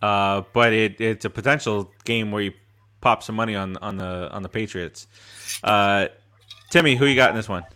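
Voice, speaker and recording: A man's voice: on the low side, moderate pace, sharp tone. A man hosting a casual sports podcast, running through picks and teasing his co-hosts. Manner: leads the picks, laughs often, teasing. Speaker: podcast host.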